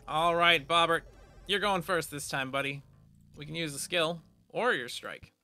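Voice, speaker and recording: A man's voice: a little high, unhurried, bright, forceful tone, faint music behind. A man giving casual, playful commentary while playing a game, reading its text aloud with jokey asides. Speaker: gaming video creator. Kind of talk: casual let's play commentary.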